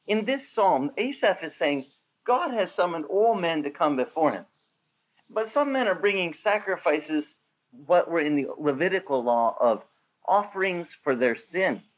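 A man preaching an animated sermon. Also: on the high side, measured pace. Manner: animated preaching with acted-out quotes. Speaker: pastor.

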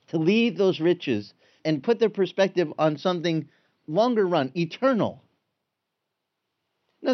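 A man preaching a sermon, conversational and animated, acting out the voices of people in the story. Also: on the high side, muffled recording. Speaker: pastor.

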